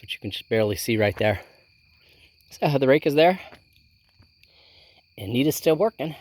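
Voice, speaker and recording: A gardening vlogger chatting to camera outdoors in a garden and hoop tunnel, thinking aloud with many ums, filmed on a handheld phone. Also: mid-range voice. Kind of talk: casual chat to camera while working.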